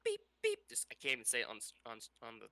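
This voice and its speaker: A man's voice: mid-range voice, flat delivery, rapid-fire, vocal fry, sharp tone, no room sound. A man co-hosting a podcast in casual chat, rambling with laughs and restarts. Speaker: podcast co-host.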